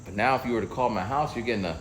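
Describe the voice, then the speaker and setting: A man's voice: lowish voice, racing, a little hiss or hum, poor audio. A man vlogging while walking outdoors, telling a casual story and acting out other people's voices. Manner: storytelling, acts out quoted voices.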